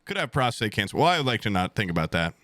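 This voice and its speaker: A man's voice: lowish voice, very animated, rapid-fire, sharp tone, no echo. A young man in his twenties telling a rambling, crude story to his stream chat at home, swearing bluntly as he goes.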